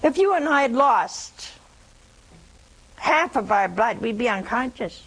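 A woman's voice: fairly high pitch, animated, a little slow, fairly bright tone, poor audio. A woman in her seventies giving a reflective sermon, dropping to a whisper at times. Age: 70s. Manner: reflective, drops to a whisper for quoted words. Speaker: preacher.

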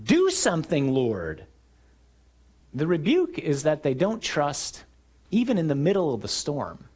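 A man preaching a sermon, telling the story with energy and acting out shouted lines in the scenes. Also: medium pitch, husky.

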